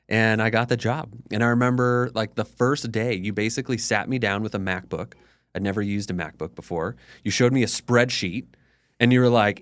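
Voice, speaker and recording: A man's voice: medium pitch, a little fast, no echo. A man in his thirties, a podcast guest, telling his story in a candid, conversational way full of "like". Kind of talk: casual storytelling interview.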